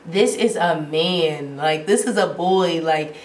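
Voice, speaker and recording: A woman in her twenties telling a casual storytime, animated and slangy, with lots of filler "like". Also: sits low, slow. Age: 20s. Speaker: vlogger. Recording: roomy sound from off the mic.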